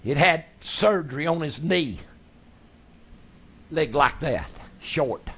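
A man preaching a sermon, telling his stories in a folksy, animated way. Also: fairly high pitch, takes it slowly, slight background noise. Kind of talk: sermon storytelling.

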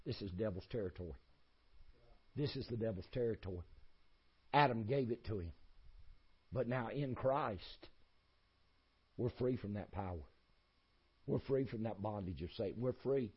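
Male preacher, husky folksy delivery, emphatic repetitive sermon cadence. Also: fairly low pitch, normal speed, long pauses, muffled recording.

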